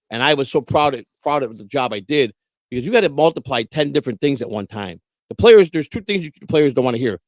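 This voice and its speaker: A man talks fast in a loose, rambling storytelling style, full of curses and restarts. His voice sits at a middle pitch and is recorded dry and close, with no room sound. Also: no echo. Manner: profane, repetitive, rambling. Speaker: guest telling stories. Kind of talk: casual storytelling.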